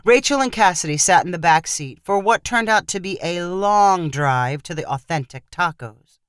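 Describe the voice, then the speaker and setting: A woman narrates a story in a steady, even-handed read. Her voice sits low with a lively, moving pitch. The sound is dry and close. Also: moderate pace, clear, resonant tone, no room sound. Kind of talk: scripted narration.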